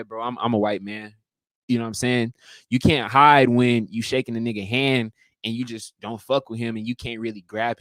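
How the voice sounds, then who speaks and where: A man's voice: mid-range voice, no echo. A man hosting a casual livestream, talking in a profane, emphatic way and acting out greetings. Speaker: livestream host.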